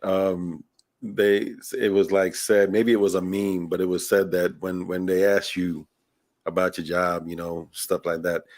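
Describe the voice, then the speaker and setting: A man with a fairly low voice chats in a relaxed way, chuckling through his remarks. His voice sounds close and dry, with little room around it. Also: a little slow, no room sound. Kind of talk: casual chat.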